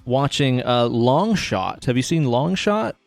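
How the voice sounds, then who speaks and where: A man's voice: mid-range voice, expressive, slow, creaky, no echo, faint music behind. A man co-hosting a podcast in casual chat, enthusiastic and swearing freely as he eagerly recommends things. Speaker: podcast co-host.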